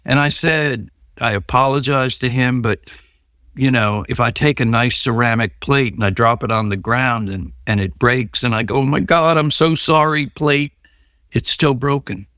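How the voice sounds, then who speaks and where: A man's voice: medium pitch, normal speed, sharp tone, no echo, studio quality. A man being interviewed about his recovery, telling stories and acting out the voices of the people in them. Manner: storytelling, acts out quoted voices. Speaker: podcast guest.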